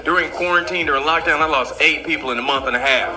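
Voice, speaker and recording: A man from the American South with a Southern accent, doing animated stand-up storytelling. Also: a little high, fast. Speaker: comedian. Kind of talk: stand-up comedy. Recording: loud background noise.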